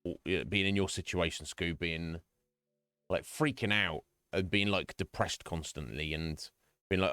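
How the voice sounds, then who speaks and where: A man's voice: sits low, a little slow, a bit bright, clear, resonant tone, no echo, studio quality. A man chatting casually with his viewers while streaming a game, talking earnestly and rambling with many restarts. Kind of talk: casual chat. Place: home streaming room.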